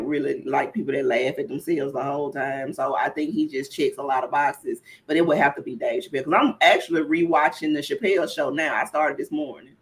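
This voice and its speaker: A woman comedian in casual podcast chat, blunt and profane, bursting into loud laughing exclamations. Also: low voice. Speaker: comedian guest.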